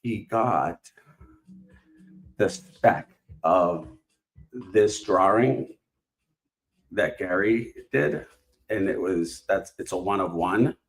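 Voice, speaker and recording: Male stream host, lowish voice, loose and rambly, fillers everywhere, casual card-opening chatter. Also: extremely slow, pauses often. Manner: rambling, filler-heavy, self-interrupting. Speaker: live stream host opening trading cards. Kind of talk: casual live-stream chat.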